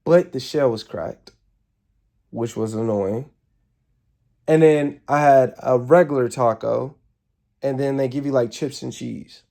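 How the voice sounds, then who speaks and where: A man telling a rambling, casual story to his live viewers, animated and swearing freely, sounding tired and yawning. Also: mid-range voice, unhurried, gravelly, pauses often. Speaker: streamer.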